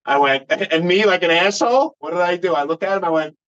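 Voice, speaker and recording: This man's voice sits high and sounds a bit bright, and he talks fast as a podcast guest. In relaxed conversation, he meanders through a profanity-laced anecdote, captured in a dull, lo-fi recording.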